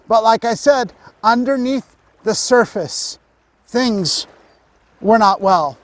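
A man preaching a sermon as pastor, reading Bible verses and explaining them with emphatic pauses. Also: sits high.

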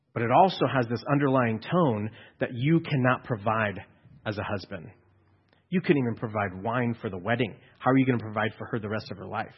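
A man preaching a conversational sermon to a congregation. He acts out the people in the story, sometimes dropping to a hushed aside. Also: mid-range voice, slightly rough, lo-fi sound. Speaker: pastor.

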